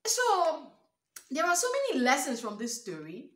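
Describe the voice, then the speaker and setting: A woman's voice: high-pitched, wildly swooping pitch, a little slow. A young Nigerian woman vlogging relationship advice, emphatic and preachy, firing off rhetorical questions. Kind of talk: storytime advice monologue. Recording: roomy echo.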